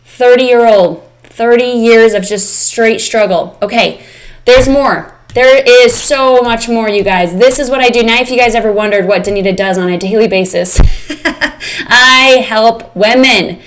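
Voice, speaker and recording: A woman's voice: fairly high pitch, measured pace, a bit bright, slight background noise. A woman coach leading a live online session, speaking candidly and emotionally straight to her audience. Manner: candid, emotional, speaks directly to "you guys". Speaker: fitness and mindset coach.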